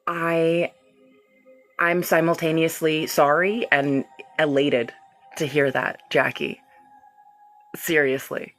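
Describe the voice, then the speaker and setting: A woman leads a live energy-healing stream and speaks in a casual, rambling way. She greets her viewers and laughs easily between thoughts. Soft music plays faintly under her voice. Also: low voice, steady tone, takes it slowly, pauses often. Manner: chatty and loose, laughs often, talks straight to viewers. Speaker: reiki healer hosting a livestream.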